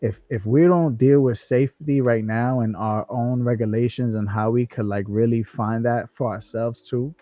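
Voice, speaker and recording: A man's voice: medium pitch, fairly even intonation, normal speed, hardly any pauses, dark tone, no room sound. A man co-hosting a livestream, talking casually in slang with swearing and frequent restarts. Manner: slangy, profane, many restarts and "bro". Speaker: co-host.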